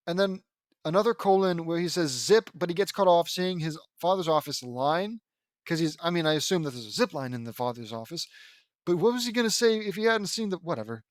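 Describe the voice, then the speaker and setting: A man's voice: a little high, animated, fairly quick, dry recording. Sarcastic man reading fan fiction. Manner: sarcastic, exasperated, swears. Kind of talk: reading a fan story aloud with comments.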